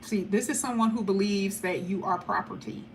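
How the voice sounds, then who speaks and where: A woman giving a casual tarot reading to camera, talking in a chatty, blunt way with animated asides. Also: medium pitch, normal speed, a little hiss or hum. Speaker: tarot reader.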